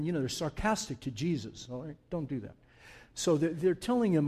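A man's voice: on the high side, expressive, moderate pace, mellow. A man preaching an unscripted sermon to his congregation, talking from the heart in a conversational way that builds to fervent emphasis. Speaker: pastor. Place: church sanctuary.

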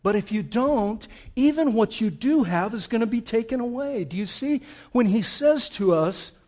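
A man preaching a sermon with emphasis, who asks the congregation questions and moves between loud and hushed passages. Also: extremely high pitch, expressive, normal speed. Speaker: pastor.

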